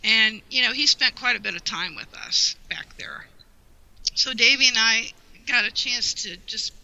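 A woman guest sharing a heartfelt personal memory in an interview, rambling warmly with many "you know"s and close to tears at times. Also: fairly high pitch, measured pace, vocal fry, rough recording. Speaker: guest, longtime fan.

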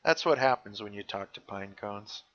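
A man's voice: on the low side, animated, moderate pace, a bit bright. A man co-hosting a podcast, chatting casually and joking as he recaps scenes of a show. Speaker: podcast co-host. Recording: dull lo-fi recording.

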